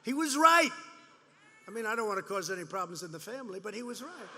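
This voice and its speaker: A politician speaks to supporters at a large indoor rally, his voice high, animated, fast, pushed and bright. His campaign speech rambles and repeats itself, mocking and boastful. The recording has a long hall reverb and faint background noise.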